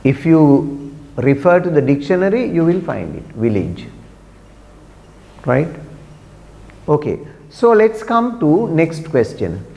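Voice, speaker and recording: A man's voice: on the high side, sing-song, a little slow, vocal fry, mellow. A man teaching pronunciation to a class, patiently repeating words and asking questions. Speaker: English teacher. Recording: long echoey room reverb.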